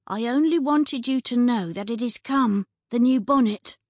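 A woman doing a bright, eager young woman. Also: a little high, moderate pace, dry recording, clean studio sound, pitched above the performer's own voice, natural voice.

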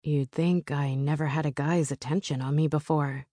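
A woman narrating a romance audiobook in the first person with a soft, intimate storytelling manner. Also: sits low, fairly even intonation, moderate pace, no room sound, studio quality.

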